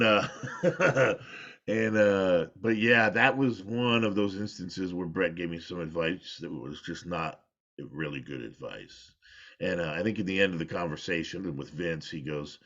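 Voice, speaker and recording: A man's voice: sits low, fairly bright tone. A middle-aged man, a former pro wrestler, telling rambling, candid stories in an interview and laughing at himself. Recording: dull lo-fi audio.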